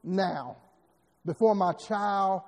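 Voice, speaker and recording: A man's voice: sits high, extremely slow, darkish tone, voice pushed down, full character voice. A man preaching voices a desperate royal official pleading urgently for help. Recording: long hall reverb.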